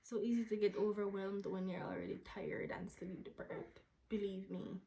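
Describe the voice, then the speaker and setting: A young woman, answering viewer questions in a candid, casual vlog, sometimes dropping into a soft whisper. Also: medium pitch, fairly even intonation, moderate pace, creaky, slight background noise, rough recording. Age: young adult. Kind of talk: casual Q&A to camera.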